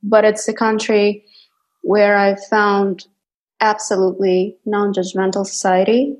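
Animated young woman from Kazakhstan. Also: mid-range voice, measured pace. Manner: animated storytelling with frequent restarts and laughter. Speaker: actress guest. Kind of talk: casual interview conversation.

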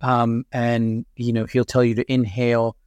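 A man's voice: mid-range voice, completely flat delivery, moderate pace, a little mellow, clear, resonant tone, dry recording. A man being interviewed, earnestly recounting a personal experience with many restarts and fillers. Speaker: podcast guest. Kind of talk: conversational storytelling.

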